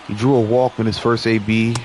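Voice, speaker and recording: A young man giving play-by-play commentary over a baseball video game, chatty with viewers and lively on big plays. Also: fairly low pitch, brisk, slight background noise. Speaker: gaming channel host.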